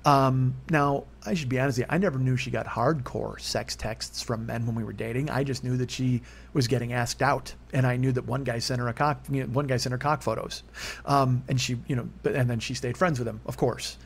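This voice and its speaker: A man in his forties tells a personal story alone, candid and rambling, in a confessional monologue. His medium-pitched voice stays steady and brisk with some vocal fry, jumping up when he gets worked up. There's a little hiss or hum in the background.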